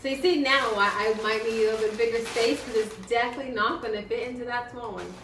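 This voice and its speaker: A woman's voice: fairly high pitch, fast. A woman talking through an unboxing at home, gushing and laughing as she shows off new gear. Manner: excitable, gushing, lots of laughter. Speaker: vlogger. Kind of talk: unboxing vlog. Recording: echoey room from a distance with noise.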